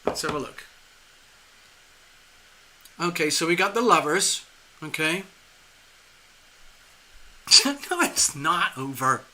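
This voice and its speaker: A man reading tarot live for a viewer, talking in a rambling, animated way with frequent restarts and chuckles. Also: a little high, takes it slowly, pauses often. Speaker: tarot reader hosting a live stream.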